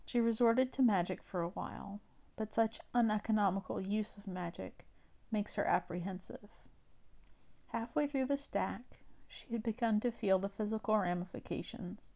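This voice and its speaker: A woman reading a fan fiction story aloud in a soft, steady narrating voice. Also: medium pitch, normal speed, gravelly. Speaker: fanfiction reader. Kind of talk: scripted narration.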